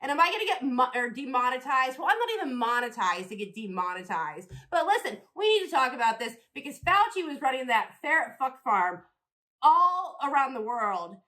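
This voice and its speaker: A woman's voice: sits high, very animated, brisk, bright, forceful tone. A woman comedian and podcast host delivering a rambling, profane, provocative stand-up rant.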